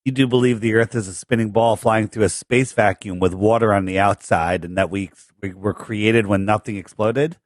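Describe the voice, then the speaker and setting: Low male podcast guest, confident and blunt, dry sound. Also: fairly even intonation, normal speed, hardly any pauses, dry recording. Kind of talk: casual chat.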